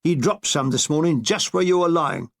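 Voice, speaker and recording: A man's voice: a little high, moderate pace, close to an everyday voice. A man voicing an infantry soldier who takes pleasure in scaring others, in a gloating, ominous way, in a spoken memoir.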